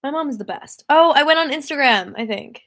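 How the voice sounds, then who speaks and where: A woman's voice: sits high, expressive, a little fast, fairly bright tone. A young woman singer-songwriter chatting casually on a livestream, rambling and easily distracted, laughing often.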